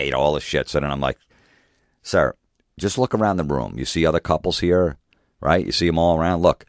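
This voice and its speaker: A middle-aged man talks through a podcast monologue with a very deep, low voice. The sound is dry and close-miked. He rants and swears freely and slips into mocking voices now and then. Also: fairly quick, dry recording. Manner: profane, ranting, acts out hecklers in mocking voices. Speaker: comedian and podcast host.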